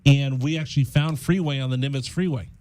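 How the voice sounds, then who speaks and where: A man hosting a casual radio talk show, telling a story in an animated way in a studio. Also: medium pitch, a little fast. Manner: animated storyteller, acts out quoted voices.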